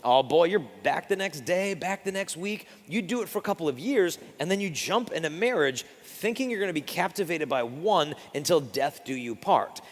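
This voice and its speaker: Animated young man in a big echoey hall. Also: a little high. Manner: animated storytelling, self-deprecating humor. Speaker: speaker. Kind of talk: faith talk to an audience. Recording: long reverb of a big hall.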